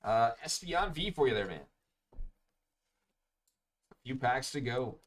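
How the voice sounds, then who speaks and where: A young man with a medium-pitched voice hosts a live pack-opening stream, sounding very animated yet speaking at a slow pace. He talks casually and announces each card as it comes out.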